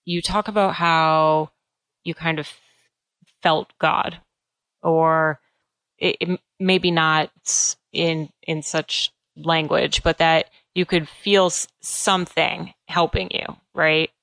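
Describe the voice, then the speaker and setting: Interviewer, woman, deep and unhurried, halting questions. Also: little pitch movement, fairly bright tone, no echo.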